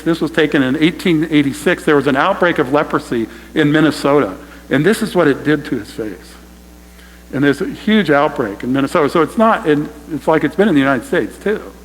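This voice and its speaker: A man's voice: a little high, long reverb tail, a little hiss or hum, rough recording. A man preaching a sermon to his congregation, emphatic and direct, often calling them "you guys". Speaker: pastor. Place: church sanctuary.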